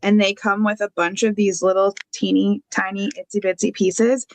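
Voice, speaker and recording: A woman's voice: mid-range voice, level tone, normal speed. A woman co-hosting a casual chat, rambling and enthusiastic with many fillers. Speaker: co-host.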